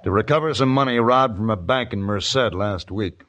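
An actor playing a calm, tough Western manhunter who also narrates, speaking dry, terse and steady in 1950s radio drama style. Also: male voice, lowish voice, normal speed, slight background noise, close to an everyday voice. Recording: dull old radio recording with music.

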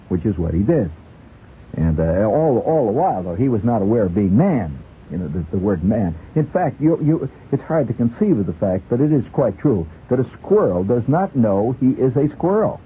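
A man's voice: mid-range voice, sing-song, normal speed, slightly rough. A male radio host in a rambling, playful comic talk, laughing often, on a tinny lo-fi radio recording. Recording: tinny lo-fi radio with faint hiss.

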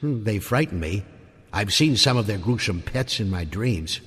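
A man voicing Susan, a young girl who is eager but easily frightened, in a breathy, raised voice. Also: fairly low pitch, lively intonation, moderate pace, a bit bright, in a large hall. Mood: enthralled.

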